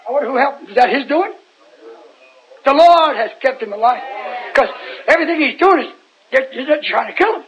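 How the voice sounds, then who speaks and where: A man's voice: very high voice, animated, a little fast, pauses often, fairly bright tone. A man preaching an informal Bible sermon in a folksy, rambling way, often putting questions to his listeners. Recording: dull lo-fi recording.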